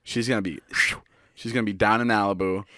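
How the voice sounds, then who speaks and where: A man's voice: lowish voice, steady tone, fast, fairly bright tone, no room sound, clean studio sound. A young man in his twenties co-hosting a podcast, rambling through stories with frequent laughs and casual swearing. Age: 20s. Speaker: podcast co-host. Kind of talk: casual chat.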